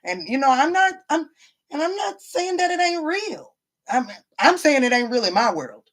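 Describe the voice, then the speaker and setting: A woman's voice: sits high, sing-song, normal speed. Woman tarot reader, live-stream chat, frank and profane, leans on "baby" and "honey", hammers points home by repeating them. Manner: blunt, profane, calls listeners baby and honey; emphatic, repeats lines for stress. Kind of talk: casual live-stream reading, answering viewers.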